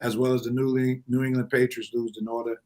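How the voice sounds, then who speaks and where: A man's voice: mid-range voice, level tone, quick pace, darkish tone. A man hosting a casual sports talk show, speaking with emphatic, preacher-like delivery. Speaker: show host.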